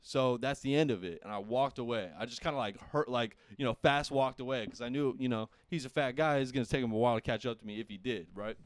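A young man casually telling a profane, animated story among friends, laughing often. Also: medium pitch, quick pace, few pauses, a little hiss or hum. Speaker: podcast host.

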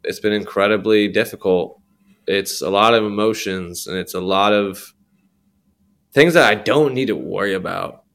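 Young guy rambling on a podcast, slangy, restarts a lot, kinda low voice. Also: moderate pace, fairly bright tone. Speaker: podcast guest. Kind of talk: candid personal testimony.

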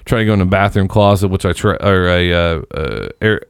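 A man's voice: low-pitched, a little fast, gravelly, clean tone, no echo, studio quality. A man in his late thirties telling rambling, profane stories in casual chat among friends. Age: 30s.

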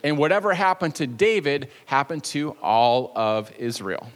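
A man's voice: mid-range voice, lively intonation, moderate pace, in a large hall. A male pastor preaching a sermon in a church, telling a story with jokey asides and playful energy. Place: church sanctuary.

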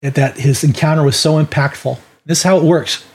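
A man's voice: fairly high pitch, steady tone, fairly quick, husky. A man teaching a Bible lesson on sharing faith, talking in a folksy, conversational way with restarts. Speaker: ministry teacher.

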